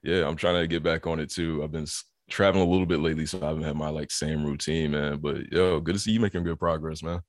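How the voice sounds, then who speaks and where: A young man with a very deep, low voice hosts a relaxed sports podcast. He keeps it laid back, laughing easily and calling everyone "man". The sound is close and dry. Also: fast talker, few pauses, no echo. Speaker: podcast host. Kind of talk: casual sports podcast chat.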